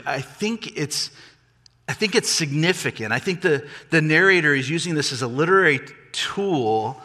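A man preaching a sermon, animated, rising and falling in pitch and volume for emphasis. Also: long reverb tail. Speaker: pastor.

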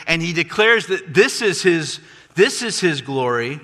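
Man preaching, bright forceful voice, animated delivery, echoing hall. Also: measured pace. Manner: animated, rises and falls in pitch and volume for emphasis. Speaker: pastor. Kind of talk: sermon.

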